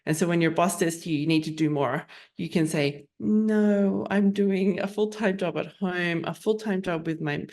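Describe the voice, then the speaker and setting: A woman's voice: on the low side, normal speed, hardly any pauses, a little mellow. A woman hosting a podcast, talking reflectively and laying out questions one by one. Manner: reflective, lists questions thoughtfully. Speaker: podcast host and physician coach. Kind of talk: conversational podcast interview.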